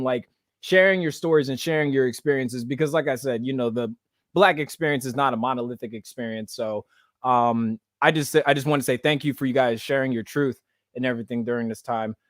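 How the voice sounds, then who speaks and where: A man hosting a podcast in casual panel chat over a video call, animated and slangy, often asking "you know what I'm saying". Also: medium pitch, a little fast, no echo, studio quality. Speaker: podcast host.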